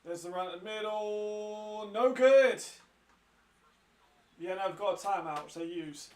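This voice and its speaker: High-voiced excitable man watching football. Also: measured pace. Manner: excitable, swears often, laughs a lot. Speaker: football watch-along host. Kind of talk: excited live commentary and chat.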